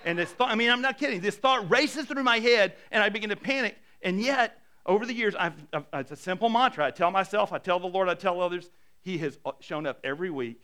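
A middle-aged man preaching a sermon as a pastor, animated and self-deprecating, swinging between hushed and loud. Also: high voice, brisk, clear, resonant tone.

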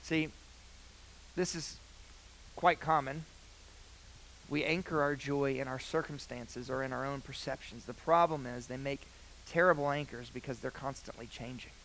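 A young man preaching a sermon, earnest, with loud emphatic phrases that drop to quiet, hushed lines. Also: mid-range voice, steady tone, moderate pace, pauses often, a little hiss or hum, rough recording.

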